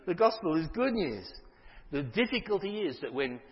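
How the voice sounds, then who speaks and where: A man preaching a sermon in an emphatic way, with forceful stresses and frequent restarts. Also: sits high, big pitch swings, normal speed. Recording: dull audio with long hall reverb.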